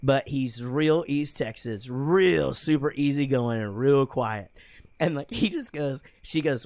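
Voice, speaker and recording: A man's voice: mid-range voice, expressive, unhurried, a little mellow, no echo. A man hosting a podcast in casual, rambling chat, swearing often and laughing a lot. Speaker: podcast host. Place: studio room with guests.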